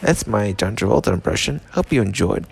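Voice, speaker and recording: A man's voice: lowish voice, expressive, fairly quick, gravelly, husky. A drunk, stoned man rambling through a comedy monologue, slurred and swearing. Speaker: comedic vlogger.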